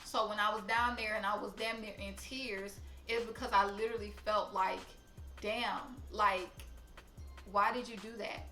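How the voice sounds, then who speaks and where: Bright, blunt young woman vlogger. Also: medium pitch, normal speed, roomy sound, faint music behind. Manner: blunt, profane, animated, talks straight to viewers. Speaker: storytime vlogger. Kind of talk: casual storytelling to camera.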